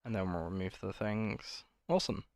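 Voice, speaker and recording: Gravelly man muttering while coding. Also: low-pitched, normal speed, dry recording, clean studio sound. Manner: muttering, self-correcting, talks to himself. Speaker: streamer coding live. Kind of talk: casual thinking aloud while coding.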